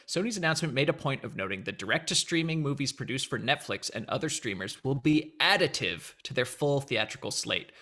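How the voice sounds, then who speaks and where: A man's voice: medium pitch, pushed and bright. A man hosting a casual entertainment news chat, joking and playful as he goes. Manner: jokey, playful asides. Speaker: host.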